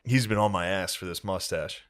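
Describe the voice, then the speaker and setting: A comedian co-hosting a podcast, telling family stories in casual chat and laughing through them. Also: male voice, sits low, normal speed, noisy background.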